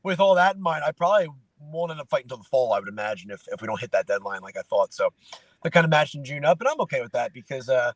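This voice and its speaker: Man in late twenties, relaxed storytelling. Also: mid-range voice, fast talker, no room sound, low-quality recording. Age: late 20s. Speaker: guest fighter. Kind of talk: casual interview chat.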